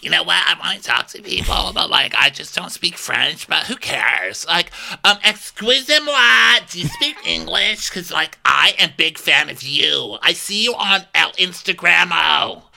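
A man's voice: high-pitched, animated, measured pace, creaky, few pauses, sharp tone, voice pushed up, full character voice. A man doing a gushing ditzy young American girl. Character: bubbly clueless young American woman intern. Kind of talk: comedic impression in a podcast recap.

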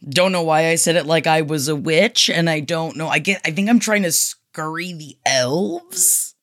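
A woman co-hosting a podcast, chatting with animated, mocking energy and plenty of swearing. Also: low voice, moderate pace. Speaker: podcast co-host. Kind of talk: casual gossip chat.

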